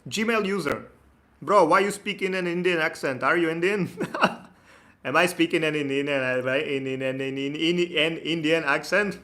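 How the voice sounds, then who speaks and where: Casting note: man, bright and slightly high voice, casual and chatty live-stream host. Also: normal speed. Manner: relaxed, chatty, laughs easily, reads viewer comments aloud. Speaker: immigration consultant hosting a live Q&A.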